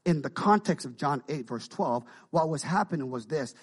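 Husky-voiced preacher man, call-and-response. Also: a little high, expressive, normal speed. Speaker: pastor. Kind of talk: sermon.

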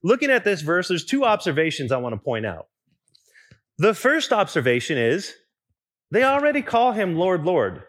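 A young man preaching a sermon in a relaxed, conversational way, with restarts and asides to the congregation. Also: sits high, normal speed. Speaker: pastor.

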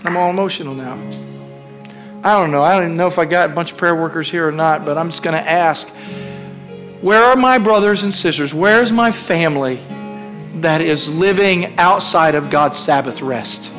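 A man's voice: a little high, normal speed, a bit bright, faint music behind. A male pastor preaching a fervent sermon, with repeated calls to the congregation.

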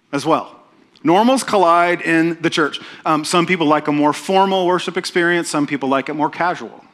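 A middle-aged man delivers a relaxed, conversational sermon. His voice is slightly higher than most men's and has a bright, forward ring. He pokes fun at himself and keeps checking in with the congregation. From Oklahoma, USA. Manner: conversational, self-deprecating, frequent "right?" asides. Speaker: pastor.

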